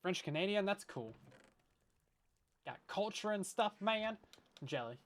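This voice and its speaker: A man with a slightly higher-than-usual voice chats his way through a gaming stream. He rambles through jokey, self-deprecating asides to his viewers and laughs a lot. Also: expressive, a little slow, a bit bright. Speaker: Minecraft streamer. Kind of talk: casual let's-play chat with viewers.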